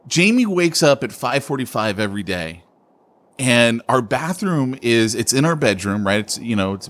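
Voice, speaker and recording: A man co-hosting a podcast, telling a story about himself with a self-mocking laugh. His voice is mid-pitched, and his intonation rises and falls a lot as the story goes on. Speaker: podcast co-host.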